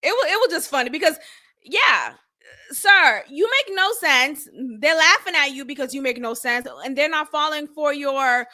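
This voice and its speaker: A woman hosting her own podcast, recapping a reality show episode in a blunt, animated, slangy way and laughing often. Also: sits high, moderate pace. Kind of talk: casual recap commentary.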